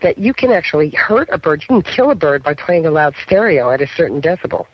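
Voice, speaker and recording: In a radio talk show interview, a middle-aged male paranormal investigator spins stories at a quick pace, his slightly high voice swinging widely in pitch. He keeps asking "okay?" to check in; the recording is dry, muffled, and lo-fi.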